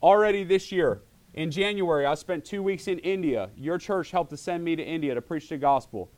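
Animated male pastor preaching. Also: fairly high pitch, brisk. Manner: animated, acts out voices in quotes. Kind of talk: sermon.

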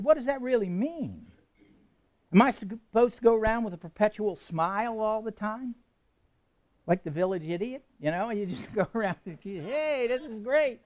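A man's voice: high-pitched, a little mellow. A man preaching a sermon to a congregation, speaking conversationally, asking questions and chuckling now and then. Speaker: pastor.

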